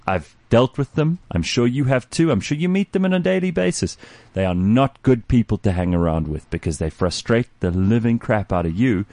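A man co-hosting a casual podcast, ranting forcefully with swearing. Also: mid-range voice, lively intonation, normal speed, no room sound. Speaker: podcast co-host. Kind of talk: casual chat.

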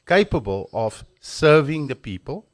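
A man's voice: on the high side, big pitch swings, measured pace. A man hosting a faith-based radio talk show as a coach, encouraging his guest with preacherly remarks.

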